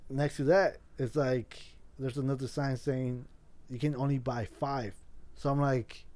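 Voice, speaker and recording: A man's voice: mid-range voice, fairly even intonation, a little slow, darkish tone. A man hosting a casual podcast, telling a rambling story with lots of swearing and restarts. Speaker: podcast host.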